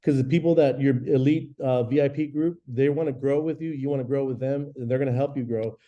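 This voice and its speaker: A man in his forties, a real estate agent teaching a class in an energetic, chatty way, often acting out phone calls. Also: medium pitch, a little fast. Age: 40s. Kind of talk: live training class talk. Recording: dull lo-fi recording.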